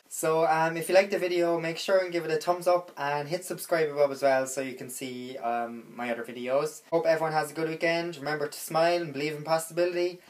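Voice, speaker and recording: A young woman with a Cork accent, chatting through a casual slang lesson vlog with lots of "like" fillers. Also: low-pitched. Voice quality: chatty, filler-heavy with frequent "like". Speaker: vlogger.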